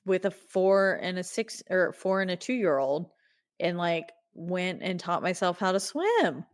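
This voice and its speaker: A woman's voice: fairly low pitch, animated, unhurried. A woman in her thirties from Texas, co-hosting a podcast and recapping a film in casual, chatty talk with lots of fillers and laughs. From Texas, United States. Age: 30s. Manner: chatty, laughs often, storytelling with many fillers. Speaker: podcast co-host.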